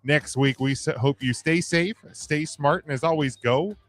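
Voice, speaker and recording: A man's voice: on the high side, normal speed. A man hosting a podcast, wrapping up the show with casual plugs and plenty of filler words. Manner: relaxed, filler-heavy plugs. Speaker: podcast host.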